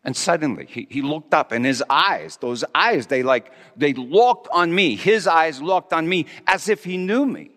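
A man's voice: fairly high pitch, lively intonation, a little slow, hardly any pauses, fairly bright tone, big-room sound. A man playing Pontius Pilate as a conflicted Roman governor, speaking a stammering, confessional monologue in character. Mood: haunted. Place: church hall.

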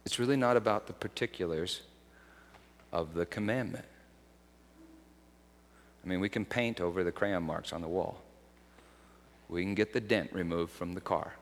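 A man's voice: deep voice, moderate pace, pauses often. Earnest preacher man in a reverberant hall. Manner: earnest, personal storytelling. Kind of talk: conversational sermon.

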